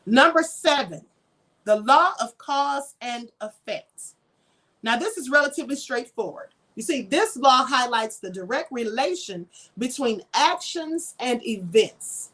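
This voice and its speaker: Speaking a little slowly in an animated, fairly bright, high-pitched voice, a woman raised in Kentucky leads a spiritual livestream lesson. She preaches conversationally, asks her viewers rhetorical questions, and responds to chat comments along the way.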